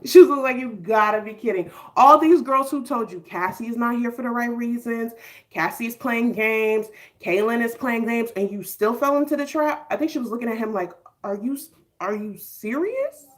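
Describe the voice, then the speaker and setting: A woman hosting a live stream, giving casual, animated reaction commentary in slangy speech and talking straight to her chat viewers. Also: a little high, normal speed.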